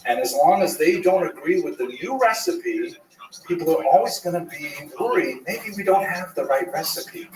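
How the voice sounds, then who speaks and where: A man teaching a class as a rabbi, an animated storyteller. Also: high voice, moderate pace. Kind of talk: lecture. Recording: roomy, far from the mic.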